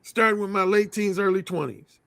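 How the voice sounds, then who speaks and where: A man's voice: high voice, normal speed, gravelly, a bit bright, no room sound. A man telling frank, blunt stories as an interview guest in casual conversation.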